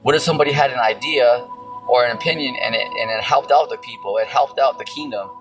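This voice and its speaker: A man's voice: medium pitch, fast talker, over music, poor audio. A man preaching casually and reading scripture, rambling with lots of fillers and some cursing. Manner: rambling, heavy on fillers, profane. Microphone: phone screen recording.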